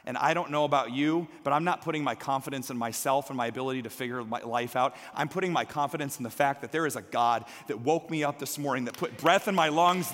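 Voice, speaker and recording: A man in his thirties preaching a sermon, shifting between hushed near-whispers and emphatic, rising calls. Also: a little high, in a large hall. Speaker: pastor.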